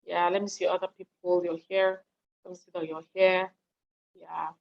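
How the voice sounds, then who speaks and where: Hungry and yawning in her home study, a Nigerian woman delivers a live online talk on leadership and volunteering to listeners in a chat, acting out people's words and asking whether they follow in a lively, chatty way. Her voice is fairly low and gravelly at a moderate pace, carried over dull, lo-fi video call audio.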